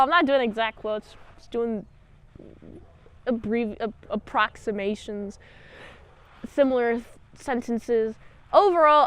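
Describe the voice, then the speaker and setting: Chatty high-voiced woman reviewer. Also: a bit bright, clear, resonant tone, dry recording. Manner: chatty, jokey, with many fillers and retellings. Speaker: video reviewer. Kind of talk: casual review monologue.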